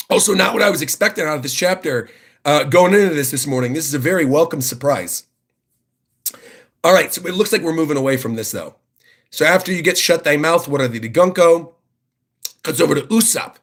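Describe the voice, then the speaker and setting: Excited man reacting on a livestream. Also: fairly high pitch, brisk, vocal fry, slightly rough. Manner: excited, enthusiastic commentary. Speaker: streamer reacting to manga. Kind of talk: livestream reaction, reading manga aloud.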